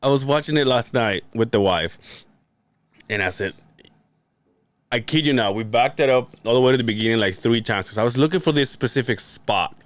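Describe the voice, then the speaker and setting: A man's voice: medium pitch, normal speed, no echo. A man co-hosting a podcast in casual chat, telling stories with lots of laughter and swearing. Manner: animated storyteller, swears often, laughs a lot. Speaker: podcast co-host.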